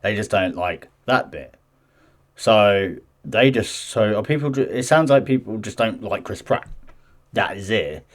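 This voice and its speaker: Man, low-ish voice, casual gaming news commentary, reads an article with chatty asides, stumbles and restarts. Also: lively intonation, unhurried. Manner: chatty and defensive, stumbles and restarts while reading. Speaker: gaming news channel host. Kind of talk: casual commentary mixed with reading news aloud.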